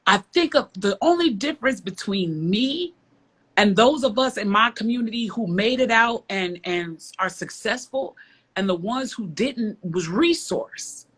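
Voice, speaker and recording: A woman from the south side of Chicago tells her story as a guest, her voice bright and ringing. She leans on repeated phrases for emphasis. She speaks frankly, even bluntly. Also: mid-range voice, measured pace, slightly rough. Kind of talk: casual interview chat, storytelling.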